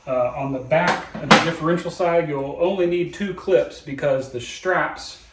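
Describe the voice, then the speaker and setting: Guy fixing his car and talking thru it, folksy and jokey, kinda high voice, mic far off in a roomy garage. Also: normal speed, heavy background noise. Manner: folksy, jokey, explains each step aloud. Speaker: DIY car repair host. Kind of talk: casual how-to narration while working. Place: home garage.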